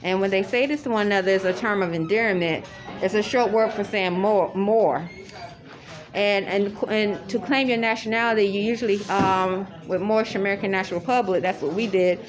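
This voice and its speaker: A woman's voice: mid-range voice, fairly quick, faint music behind. A woman talking casually to the camera in a rambling, repetitive way, with many restarts. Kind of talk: casual spoken monologue. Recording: loud crowd chatter behind.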